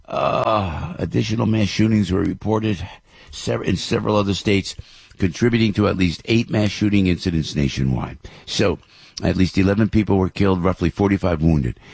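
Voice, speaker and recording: A man's voice: deep voice, moderate pace, vocal fry, a little mellow, husky, dry recording, clean studio sound. An older man hosting talk radio, rambling through news headlines with opinions, many fillers and restarts. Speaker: radio show host.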